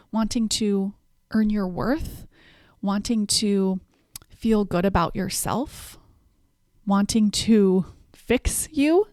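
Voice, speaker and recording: A woman's voice: medium pitch, a little mellow, no echo, studio quality. A woman hosting a self-help podcast, walking through numbered tips in an encouraging coaching tone. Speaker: podcast host.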